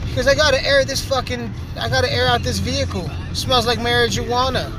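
A man's voice: extremely high pitch, fairly even intonation, brisk, poor audio. A young man hosting a podcast while driving his truck, chatting loosely with lots of profanity. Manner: loose, profane, laid-back banter. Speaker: podcast host. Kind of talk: casual talk while driving. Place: inside a truck on the road. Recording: loud music behind the voice. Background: loud music playing.

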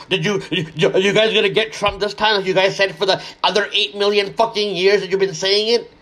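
A man's voice: sits high, steady tone, fairly quick, a bit bright. A man in an angry, heavily profane solo rant. He is sarcastic and keeps repeating words as he restarts his sentences.

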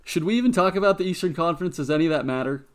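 A young man with a slightly high voice hosts a casual sports podcast. He jokes a lot and fires off quick questions at his co-host.

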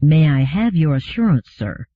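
A man voicing a calm, unfailingly polite male humanoid robot who speaks quietly and formally. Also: fairly high pitch, normal speed, dry recording. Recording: phone-like narrow sound.

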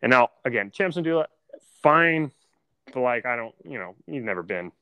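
A man's voice: medium pitch, lively intonation, normal speed, pushed and bright, clean tone, no room sound. A man co-hosting a podcast, chatting casually with dry, mock-serious jokes. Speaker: podcast co-host.

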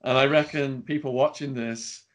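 Soft-spoken male interviewer. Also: medium pitch, steady tone, normal speed. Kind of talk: casual interview.

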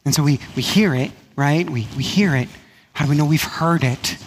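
Man preaching in a relaxed, repetitive style. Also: a little high, husky. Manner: conversational preaching with frequent repetition and "right?" asides; drops to a hushed, slow voice for emphasis. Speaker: pastor. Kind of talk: sermon.

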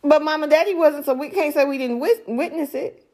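A woman's voice: high-pitched, brisk. Profane, laughing young woman. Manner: loud, profane, laughing often. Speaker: podcast co-host, single mother. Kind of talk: casual chat.

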